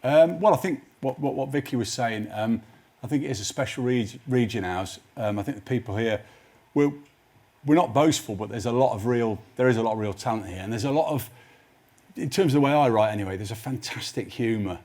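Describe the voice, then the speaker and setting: Guy on a tv studio couch, husky, keeps restarting his sentences, chatty anecdotes. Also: mid-range voice, fairly quick, darkish tone. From Nottinghamshire, England. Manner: rambling, self-interrupting storyteller. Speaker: studio guest, screenwriter. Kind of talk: anecdotal chat show interview. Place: TV studio with live audience.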